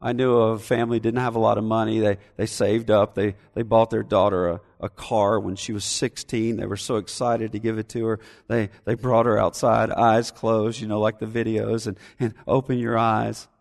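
A man preaching a sermon as pastor, animated and acting out whiny complaints. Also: fairly low pitch, normal speed, creaky, few pauses, long reverb tail. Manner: animated, acts out whining voices.

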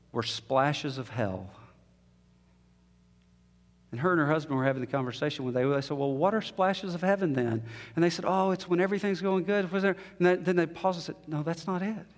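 Man preaching in a reverberant hall. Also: on the high side. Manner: storytelling, rising to emotional peaks then dropping soft. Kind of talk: sermon.

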